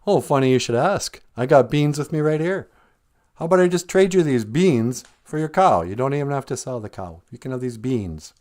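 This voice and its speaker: A man's voice: medium pitch, expressive, moderate pace, a little mellow, lightly acted. A man voicing a sly little male goblin who talks in wheedling salesman patter.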